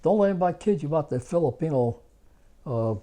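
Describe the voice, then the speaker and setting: An older American man, a war veteran, telling rambling, animated stories in a casual interview and laughing at his own tales. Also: fairly high pitch, fast. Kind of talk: casual spoken storytelling.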